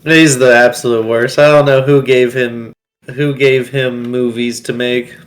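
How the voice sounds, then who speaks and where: A man's voice: mid-range voice, level tone, unhurried, low-quality recording. A man co-hosting a movie podcast, making dry, sarcastic quips in casual chat. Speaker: podcast co-host.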